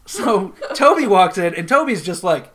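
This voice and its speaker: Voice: mid-range voice, sing-song, moderate pace, very noisy. A podcast co-host in casual chat, retelling a TV episode and laughing often along the way.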